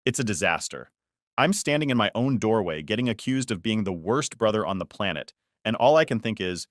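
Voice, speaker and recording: A man narrating a first-person family story in a steady, conversational way. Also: on the low side, brisk, dry recording, clean studio sound.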